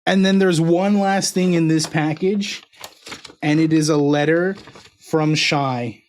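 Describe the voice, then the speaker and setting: A man's voice: a little high, slow, a little hiss or hum. A male streamer casually chatting with his viewers and his dog while opening fan mail. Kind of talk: casual live-stream chat.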